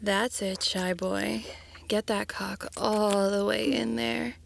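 A woman's voice: medium pitch, fairly even intonation, slow, creaky, a little hiss or hum. A woman in a whispered role-play, talking in a teasing, coaxing way and often dropping to a whisper.

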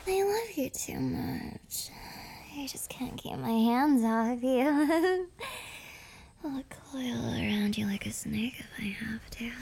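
A young woman voicing a clingy, possessive, obsessive girlfriend in a whispered role-play, with breathy whispers broken by giggles. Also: fairly high pitch, lively intonation, slow pace, darkish tone, heavily acted. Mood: possessive teasing.

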